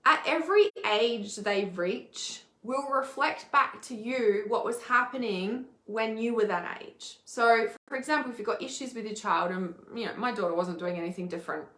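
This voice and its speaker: A woman's voice: a little high, fairly bright tone. Aussie lady in her 40s venting to camera, swears a lot, kinda roomy echo. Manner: candid, swears freely, emphatic. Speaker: intuitive healer and mentor. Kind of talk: casual personal video talk.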